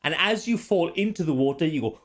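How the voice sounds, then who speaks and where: A man's voice: a little high, lively intonation, a little fast. A man running a tabletop game as game master, narrating scenes in a laid-back way.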